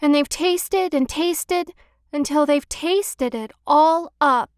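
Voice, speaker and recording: A woman voicing a small young male baby bear in a storybook reading, squeaky and shrill, drawing words out plaintively. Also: no echo, studio quality. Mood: sad. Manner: drawn-out and plaintive.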